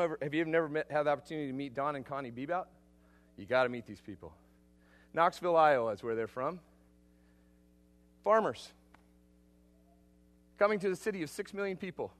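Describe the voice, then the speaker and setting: Brief: male missionary preacher, fairly high voice, energetic sermon delivery with loud peaks and soft asides. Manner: energetic, emphatic, swinging between loud bursts and quiet asides.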